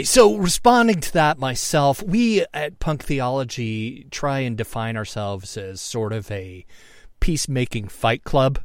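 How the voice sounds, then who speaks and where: Male podcast host, mid-pitched, loose and joking with profane asides, very dry close sound. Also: no room sound. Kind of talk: casual podcast commentary.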